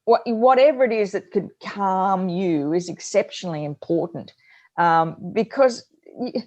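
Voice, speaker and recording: A middle-aged woman, co-hosting a parenting advice chat and telling stories in an animated way. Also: mid-range voice, unhurried. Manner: animated storyteller, acts out her own yelling. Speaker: co-host.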